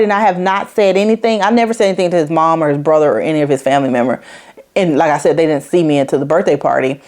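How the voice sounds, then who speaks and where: A woman in her forties with a somewhat low voice, talking straight into the mic as she shares a hard personal story. She is blunt and casual, swears freely, and leans on everyday slang. Emotion sits close under the surface, and she laughs it off between lines. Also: darkish tone. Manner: blunt, profane, conversational with slang. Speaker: podcast host.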